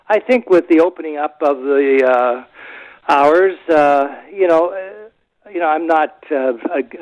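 A man's voice: fairly high pitch, dry recording. A man, a city councillor, speaking as a guest with many hesitations and fillers. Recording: dull remote line.

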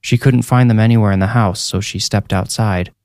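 Haunted mother, low hushed telling, a man doing her, music under it. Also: steady tone, a little fast, lightly acted. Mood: grave. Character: worried mother, adult woman, haunted by her past.

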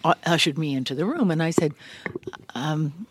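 A woman's voice: deep voice, normal speed, husky, dry recording. An older woman, a guest in a large studio room, telling stories animatedly with frequent laughs, her voice a little worn. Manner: animated, laughs often, acts out remembered lines. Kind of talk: casual interview storytelling.

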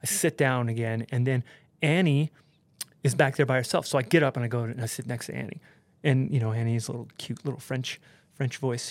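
A man, a podcast guest, telling a story in a casual, animated way, full of swearing and "like" and "dude". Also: medium pitch, brisk, no echo. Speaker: podcast guest, pro snowboarder.

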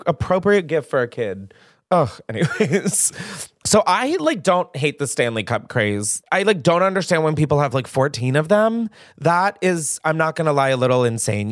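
A man's voice: on the high side, dry recording, studio quality. A young man hosting his own podcast, chatting casually in a rambling, self-deprecating way with lots of asides. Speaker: podcast host. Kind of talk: casual solo podcast chat.

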